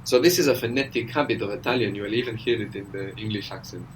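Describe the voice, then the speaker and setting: A man with a fairly low voice leads an audio lesson, calm and patient as he explains each point step by step. He often ends a point with a questioning "no?", and a faint background noise stays under his voice throughout. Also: fast, poor audio. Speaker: language teacher.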